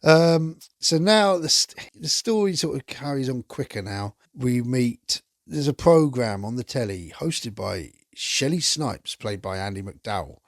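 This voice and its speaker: A man's voice: mid-range voice, animated, unhurried, hardly any pauses, no room sound, studio quality. A man hosting a podcast, chatting enthusiastically through a casual film review and swearing now and then. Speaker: podcast host.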